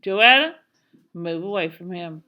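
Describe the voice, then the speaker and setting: A woman's voice: lowish voice, animated, unhurried. Woman doing a furious hissing mother. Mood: cold menace. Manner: sharp, clipped orders.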